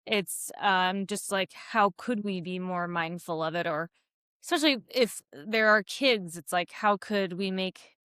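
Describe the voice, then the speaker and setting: A woman co-hosts a casual podcast, thoughtful and measured, often restarting her sentences. Her voice is bright and crisp. It is recorded dry and close. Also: mid-range voice, dry recording. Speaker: podcast co-host. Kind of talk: casual conversational chat.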